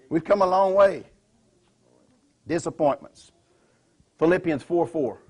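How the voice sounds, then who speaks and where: A man preaches in a church, pressing his points and throwing questions at the congregation. His voice sits high for a man and has a husky edge. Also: a little slow, pauses often, a little mellow. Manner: emphatic, asks the congregation questions. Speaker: pastor. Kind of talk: sermon. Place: church sanctuary.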